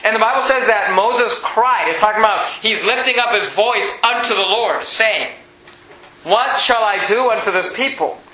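A man preaching a sermon, animated and rising to near shouts on key points, reading scripture in a lower, slower voice. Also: a little hiss or hum. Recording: echoey room with faint ambience.

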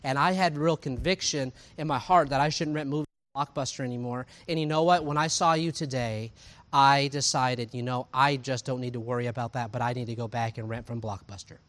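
A pastor delivers a sermon in a lively, conversational style, peppered with asides and rhetorical questions. His voice sits in the mid-range and moves at a brisk clip.

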